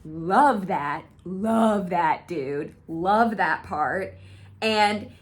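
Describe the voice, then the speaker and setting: Gushing young woman ranting slowly. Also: on the low side. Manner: gushing, excitable, swears freely. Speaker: video creator. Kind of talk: casual fan rant.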